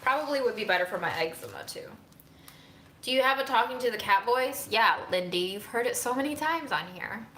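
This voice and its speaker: A woman hosting a casual livestream from her room at home, chatting and ranting to her viewers. Her voice is bright and tense. The room is echoey with faint noise behind her. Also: fairly high pitch, expressive, a little fast. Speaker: livestream host.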